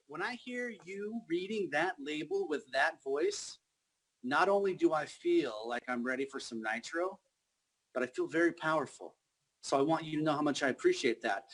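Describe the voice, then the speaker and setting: High-voiced hype male tour guide. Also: poor audio. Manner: energetic, hype, cheerful. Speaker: presenter giving an office tour. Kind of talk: enthusiastic tour presenting.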